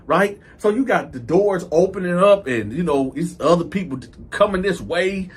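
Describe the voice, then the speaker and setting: A man with a husky, fairly high voice spins a casual story to camera. He swings his pitch all over and acts out every scene with plenty of swearing. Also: normal speed, hardly any pauses. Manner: animated, profane, acts out the scenes. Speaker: storytelling video host.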